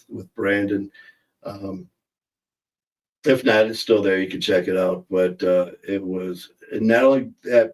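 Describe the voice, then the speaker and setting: Casual stream host, middle-aged man, low voice, rambling chat, a bit off-mic. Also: recorded from a distance, rough recording. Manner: chatty, rambling, reads viewer comments aloud.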